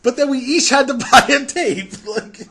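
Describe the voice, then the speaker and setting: A man's voice: very high-pitched, normal speed, sharp tone. An American man hosting a podcast, telling a rambling story in casual chat and laughing through it. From United States. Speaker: podcast host.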